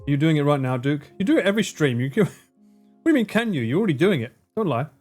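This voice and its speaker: A man's voice: a little high, big pitch swings, fast, a little mellow, soft background music. Laughing, swearing streamer man. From United Kingdom. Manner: joking, swears freely, laughs a lot. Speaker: livestreamer. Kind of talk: casual gaming livestream chat.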